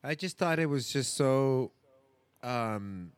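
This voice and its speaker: A man's voice: mid-range voice, slow, smooth, no room sound. A man co-hosting a podcast, recapping a sitcom episode in casual chat and acting out the characters' lines in voices. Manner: animated, acts out characters' lines in funny voices and laughs often.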